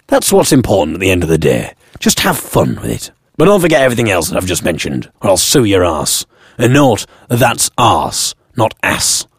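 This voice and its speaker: A British man telling a funny first-person story in a wry, self-mocking tone. His slightly husky voice rises and falls a lot, leaping high for emphasis and dropping low for deadpan asides, and it sounds close and dry with no room around it. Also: no room sound. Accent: British English. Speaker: blogger narrating his own story.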